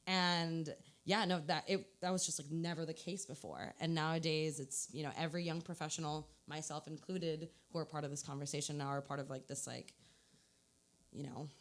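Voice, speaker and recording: A young woman from New York, a guest on a casual radio chat in a studio, talking in an animated way with quick asides and laughs. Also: low-pitched.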